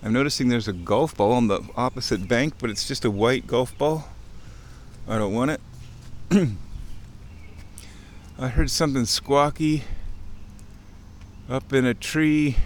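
Man, playful outdoor vlog narration, middle pitch, walking along a creek, faint outdoor ambience. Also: a little hiss or hum. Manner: playful and chatty, mimics sounds, chuckles often. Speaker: nature vlogger.

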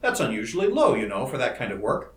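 A man's voice: medium pitch, huge pitch swings, fairly bright tone. A man reading an eager young scientist. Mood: excited. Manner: eager, rapid enthusiasm. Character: bright, excitable young male scientist. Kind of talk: audiobook character reading. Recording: roomy echo.

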